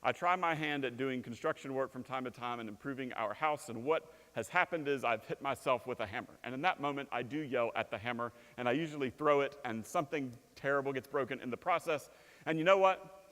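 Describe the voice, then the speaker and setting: A man in his thirties preaching a sermon in a church, telling stories with lively swings from loud bursts to hushed lines. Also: mid-range voice, a little fast. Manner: animated storytelling, shouting quoted lines, dropping to quiet. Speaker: pastor. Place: church sanctuary. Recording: long hall reverb.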